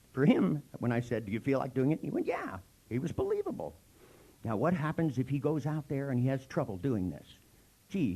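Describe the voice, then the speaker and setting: A man leads a seminar in a gravelly, husky voice, rising and falling widely as he tells stories. He is blunt and profane, and he acts out the other people's lines. His tone is dark and mellow. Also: mid-range voice, poor audio. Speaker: seminar trainer. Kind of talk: storytelling seminar talk.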